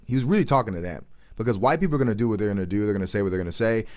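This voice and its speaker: Low-voiced man making earnest commentary. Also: expressive, rapid-fire, darkish tone. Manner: earnest, emphatic, repeats points. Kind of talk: commentary on current events.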